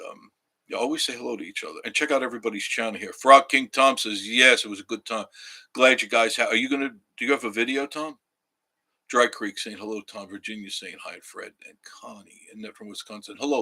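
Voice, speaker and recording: A man's voice: fairly low pitch, pushed and bright. A man hosting a casual live stream, rambling and reading viewer comments aloud. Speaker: livestream host.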